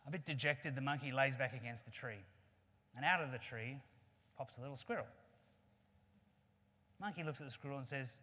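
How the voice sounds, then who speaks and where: A man's voice: medium pitch, a little fast, long pauses, sharp tone, a little hiss or hum. Aussie guy giving a talk, earnest and chatty, tells a story, echoey hall. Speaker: conference speaker. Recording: long reverb of a large hall.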